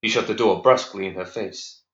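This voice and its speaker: A man reading a dark story aloud in a measured, even storytelling voice. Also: fairly low pitch. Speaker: narrator. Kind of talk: scripted audiobook narration. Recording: echoey, slightly dull recording.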